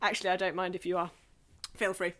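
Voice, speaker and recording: A Scottish woman leading an online singing group through vocal and face warm-ups, cheerful and chatty, laughing at herself. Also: on the low side, little pitch movement, fast.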